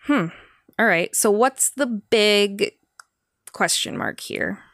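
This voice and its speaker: A woman co-hosting a podcast, playful and teasing, quick to laugh in casual chat. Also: mid-range voice, fairly bright tone, no echo, studio quality. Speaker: podcast co-host.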